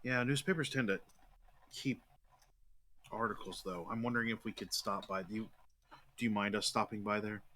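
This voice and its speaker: A man's voice: lowish voice, fairly even intonation, moderate pace, pauses often, pushed and bright. A man playing in a tabletop horror game, speaking politely with hesitant fillers. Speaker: player. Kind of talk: in-character tabletop play.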